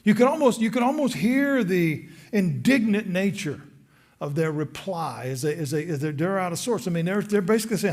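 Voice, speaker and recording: High-voiced Southern preacher, animated delivery. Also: male voice, moderate pace. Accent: Southern American. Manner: animated, acts out voices of the crowd. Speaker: pastor. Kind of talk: sermon. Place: church sanctuary.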